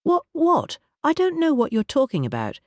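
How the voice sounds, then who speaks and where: A man voicing an indignant, blustering older gentleman with a bad temper. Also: a little high, moderate pace, no echo, lightly acted.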